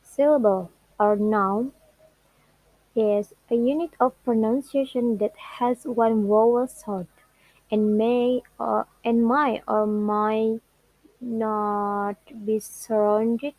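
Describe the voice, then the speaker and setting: Slow, careful young woman student. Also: a little high, fairly even intonation, a little mellow, no echo, poor audio. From Indonesia. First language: Indonesian. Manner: careful, halting non-native delivery, drawing out example words. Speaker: student presenting a learning log. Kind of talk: classroom presentation.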